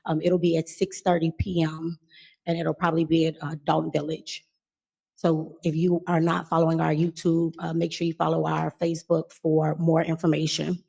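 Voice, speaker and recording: A woman community organizer giving public meeting announcements with a steady delivery and many filler pauses. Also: low-pitched, vocal fry, husky.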